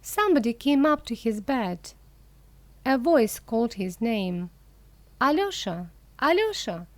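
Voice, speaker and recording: Slow, expressive woman reading a story. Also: on the high side, dry recording. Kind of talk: slow audiobook reading for English learners.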